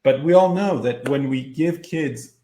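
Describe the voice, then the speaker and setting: A man who is an educator, leading a slow guided breathing and visualization exercise with soft counting and gentle invitations, then talking to webinar participants. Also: mid-range voice, roomy sound, a little hiss or hum.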